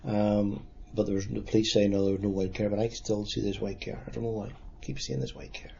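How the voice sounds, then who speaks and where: A man in his sixties with a Derry accent, recalling past events in a halting, plain-spoken way during an oral history interview. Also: on the low side, fairly even intonation, creaky, warm tone, slight background noise. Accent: Northern Irish, Derry. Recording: dull lo-fi recording.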